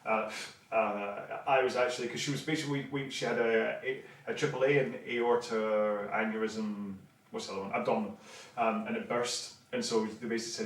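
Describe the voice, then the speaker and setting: A man's voice: medium pitch, brisk. A man in his fifties hosting an online rowing class, chatting casually and rambling with many restarts. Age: 50s. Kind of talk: casual livestream chat. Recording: roomy, mic at a distance.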